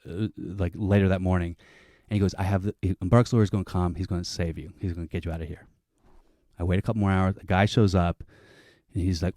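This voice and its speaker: A man telling a long comic story on a panel show, animated and swearing, acting out other people's lines. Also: low voice, no room sound, studio quality.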